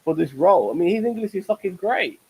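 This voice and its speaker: A man's voice: high voice, fast, husky, rough recording. A middle-aged man hosting a casual TV review chat show, rambling and swearing freely. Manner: profane, rambling, animated.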